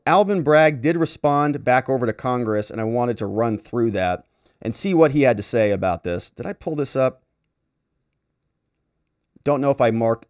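A lawyer who hosts political commentary reads a letter aloud on his own, sarcastically mocking the officials who wrote it by putting on exaggerated voices. His voice is medium-pitched, and the studio-quality recording has no echo.

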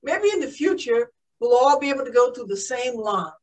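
A woman voicing a weary mother of a poor farm family, speaking softly and steadily. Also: a little high, sing-song, moderate pace, distant mic. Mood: tender.

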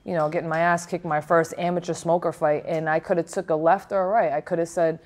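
A woman's voice: low-pitched, fairly even intonation, fast talker, hardly any pauses, darkish tone. A woman boxer from Rhode Island, answering interview questions frankly and reflectively, with many fillers and restarts. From Providence, Rhode Island, USA. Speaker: professional boxer.

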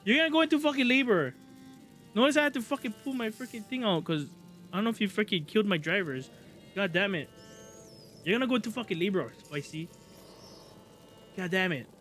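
A man streaming a video game live, excitable, swearing a lot and joking with chat. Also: sits high, brisk, pauses often, faint music behind. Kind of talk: live gameplay commentary.

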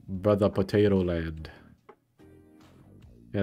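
A man's voice: sits low, steady tone, unhurried, long pauses, a little mellow. A young man streaming games, chatting casually and swearing as he rants in frustration. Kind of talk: casual gaming stream chat. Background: faint background music.

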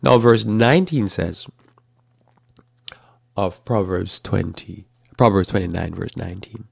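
Deep gravelly-voiced man preaching. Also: measured pace, no echo, clean studio sound. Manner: animated, acts out whiny children and doting parents. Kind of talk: live Bible teaching talk.

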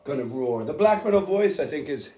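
A man's voice: on the high side, lively intonation, brisk, warm tone. A middle-aged man who sings heavy metal, explaining his vocal technique in a casual, rambling, unprepared way with plenty of fillers. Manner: rambling, informal, with many fillers. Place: band rehearsal room. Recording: roomy rehearsal room echo.

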